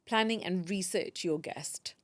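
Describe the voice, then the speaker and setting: A woman's voice: fairly low pitch, measured pace, no echo. A woman who is a podcaster and teacher, talking as a guest in a casual interview. She speaks emphatically, repeats phrases and often restarts her sentences.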